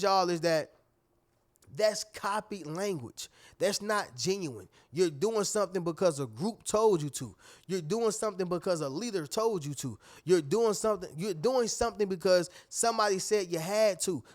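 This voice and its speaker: A man giving a motivational talk, preachy and repetitive, often addressing listeners as family. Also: sits high. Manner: preachy, repeats phrases, calls listeners "y'all" and "family". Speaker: motivational speaker. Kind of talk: motivational monologue.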